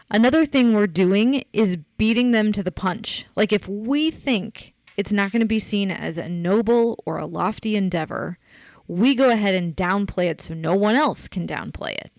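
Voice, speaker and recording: A middle-aged woman hosting a podcast, unhurried and close to the mic in a dry, dead room. She coaches her listeners in an easy conversational way, and her voice jumps up sharply on the points she wants to land. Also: mid-range voice, no room sound. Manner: emphatic, encouraging, rises sharply when making a point. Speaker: podcast host.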